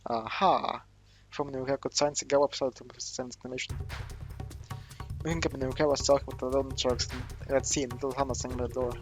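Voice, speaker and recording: A man's voice: medium pitch, level tone, quick pace, darkish tone, faint music behind. A man reading a visual novel aloud for a let's play, voicing every character himself in a casual way and often stumbling and correcting his words. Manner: reads all the characters himself with little voice change, stumbles and self-corrects. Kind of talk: casual read-aloud of game text with asides.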